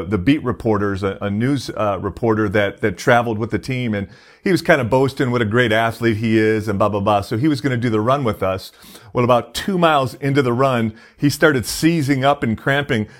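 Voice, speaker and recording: A man preaching a casual sermon as a pastor, talking conversationally with many fillers and restarts. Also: medium pitch.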